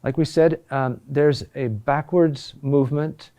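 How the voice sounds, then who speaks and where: A middle-aged man gives a recorded lesson at an unhurried, deliberate pace. His voice is mellow and dark, and he often pauses with fillers and restarts his phrases. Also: on the high side, fairly even intonation. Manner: slow and halting, with many fillers and restarts. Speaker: teacher. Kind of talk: recorded lesson on Latin chant accentuation.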